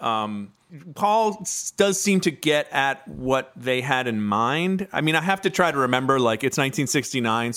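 A man's voice: mid-range voice, a bit bright, clean tone. A man guest on a podcast, chatting casually in a thoughtful, hedging way. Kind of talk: casual chat.

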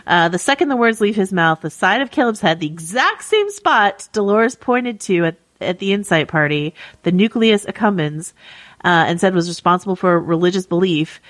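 Woman chatting on a podcast, kinda low voice, lots of ums, dead dry mic. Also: expressive, normal speed, fairly bright tone, no echo. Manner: chatty, many fillers and restarts. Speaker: podcast co-host. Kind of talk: casual podcast discussion.

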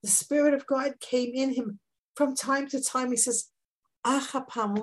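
A woman giving a Bible class, animated and husky, swinging from soft asides to loud emphatic bursts. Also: a little high, a little slow. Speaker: Torah teacher.

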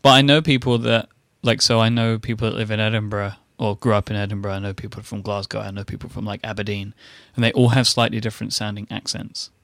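British man, gravelly, lowish voice, halting and dry-witted, casual chat. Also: steady tone, a bit bright, no echo.

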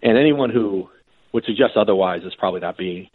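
Husky man on a tinny phone line. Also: fairly low pitch, brisk, no room sound. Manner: animated anecdotes with quoted voices and frequent restarts. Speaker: sports reporter guest. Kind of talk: conversational storytelling.

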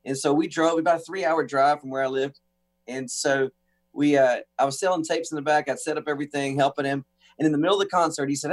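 Animated man telling a story. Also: a little high, quick pace. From United States. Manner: animated storyteller, acting out quoted speech; frequent restarts and laughter. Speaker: guest musician. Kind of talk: storytelling in a talk-show interview.

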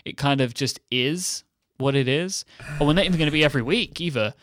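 Young guy rambling on a podcast, deadpan jokes, dry close sound. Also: fairly high pitch, a little fast, no room sound. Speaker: podcast co-host. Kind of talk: casual banter.

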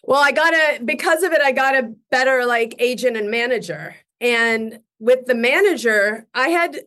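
A young woman chatting as an interview guest, telling animated stories and laughing often. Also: on the high side, normal speed. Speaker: guest actress. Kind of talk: casual interview chat.

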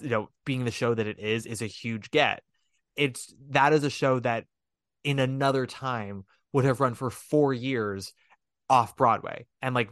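A man chatting casually as a podcast host, rambling and animated, with a self-deprecating, frank manner. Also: medium pitch, no room sound, studio quality. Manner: swears casually. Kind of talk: casual chat.

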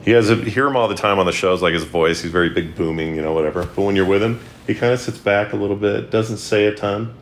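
A man with a notably low voice hosts a casual podcast, joking around and reading listener mail. His manner is relaxed and chatty, with a faint hum of background noise under the recording. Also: fast, few pauses. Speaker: podcast host.

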